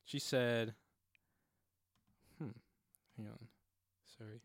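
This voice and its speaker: A man's voice: medium pitch, steady tone, very slow, dry recording, clean studio sound. A young man co-hosting a casual podcast, swearing freely and acting out quoted voices as he tells stories. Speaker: podcast co-host.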